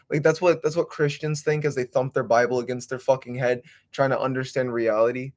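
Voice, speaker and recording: A man's voice: a little high, steady tone, moderate pace, hardly any pauses. A young man hosting a livestream, rambling casually with swearing and slang. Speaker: livestream host.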